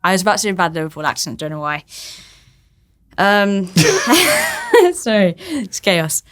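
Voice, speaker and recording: A young British woman with a British accent, a guest actor in a casual interview, easygoing and quick to laugh. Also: medium pitch, animated, fairly bright tone. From Britain. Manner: easygoing, giggly.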